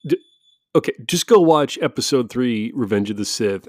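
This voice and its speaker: A man's voice: mid-range voice, lively intonation, moderate pace, a little mellow, no room sound, clean studio sound. A man hosting his own podcast, talking casually and sarcastically to listeners, swearing freely and often restarting his sentences. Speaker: podcast host.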